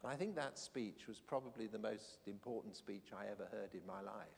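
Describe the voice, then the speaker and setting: A man telling a personal story in a sermon, earnest and reflective, pausing with small fillers, leading a church gathering. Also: fairly low pitch, vocal fry, a little hiss or hum. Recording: long hall reverb.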